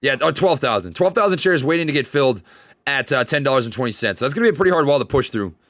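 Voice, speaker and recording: A young man with a Minnesota accent hosting a live trading podcast, talking fast and hyped. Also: mid-range voice, no echo. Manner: fast-talking, energetic hype. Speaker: podcast host. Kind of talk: casual trading livestream chat. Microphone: studio desk microphone.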